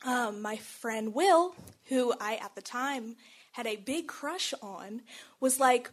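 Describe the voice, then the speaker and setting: High-voiced young woman telling a story. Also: slow pace. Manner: animated, chatty, laughs often, says "like" a lot. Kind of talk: casual personal storytelling.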